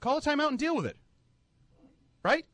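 A man's voice: very high voice, big pitch swings, normal speed, a bit bright, dry recording. A man giving an emphatic, heated sports-talk rant as a football analyst, repeating his points for effect.

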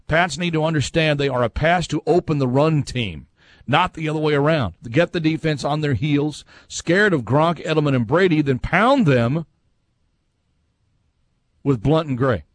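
At a moderate pace, a man with a voice on the high side hosts a casual sports talk show, with no echo in the recording. He reads messages from listeners aloud and reacts conversationally with his own opinions.

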